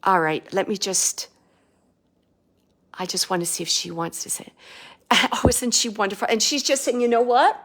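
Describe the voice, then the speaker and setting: A woman working as a psychic medium, giving a live spirit reading in a halting, emotional way with many fillers and restarts. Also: mid-range voice, a bit bright, breathy edge.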